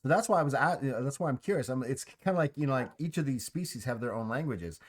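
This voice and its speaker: A man's voice: mid-range voice, expressive, quick pace. A man hosting a casual chat, musing aloud with a rambling, restarting way of talking. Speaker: host.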